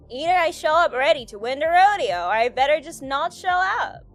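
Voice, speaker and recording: A woman's voice: high-pitched, sing-song, measured pace, a bit bright, soft background music, heavily acted. A woman doing a twangy cowboy vampire man. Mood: swaggering. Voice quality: exaggerated Western drawl.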